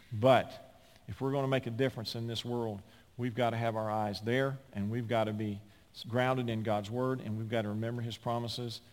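A man pastor preaching a sermon in an emphatic storytelling manner with quick asides, in a large church sanctuary. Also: mid-range voice, darkish tone. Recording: long hall reverb.

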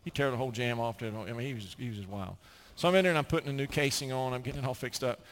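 There's a faint hiss or hum behind this medium-pitched, very fast male voice. A middle-aged American pastor is preaching, animatedly telling stories and acting out whoever he quotes.

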